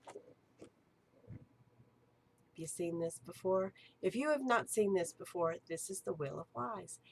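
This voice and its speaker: A woman's voice: fairly low pitch, animated, a little slow, vocal fry, darkish tone, husky. A woman, an archpriestess and ritual director, giving an eager, chatty teaching talk.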